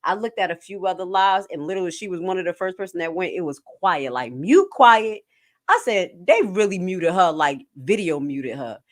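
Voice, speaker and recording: Lively woman livestream host. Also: fairly low pitch, normal speed. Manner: animated, emphatic, jokey asides. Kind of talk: casual commentary livestream.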